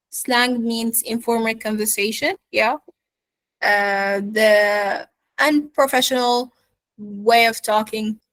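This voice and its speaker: Woman teacher, native Arabic speaker, higher-pitched voice, dry close sound, keeps asking "yeah? okay?". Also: a bit bright, no room sound, rough recording. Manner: checks in often with "yeah?" and "okay?"; switches to Arabic to explain. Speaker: accent teacher. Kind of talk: online class lecture.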